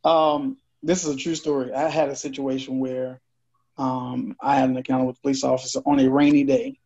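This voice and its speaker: A podcast co-host casually tells a personal story, animated throughout and acting out the dialogue. His husky voice is medium-pitched and fairly quick, heard through dull lo-fi podcast audio.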